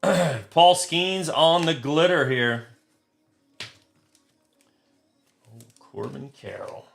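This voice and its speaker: A man hosting a live trading card break, talking crudely and getting excited, shouting over big pulls. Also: on the high side, very slow, vocal fry, faint music behind.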